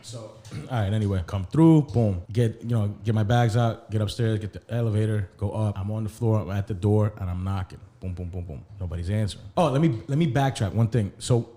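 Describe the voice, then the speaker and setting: Dude rambling thru a story on a podcast, cursing a lot, quick and kinda low. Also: male voice, dark tone. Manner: rambling, profane, acts out quotes. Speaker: podcast co-host. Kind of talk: casual storytelling chat.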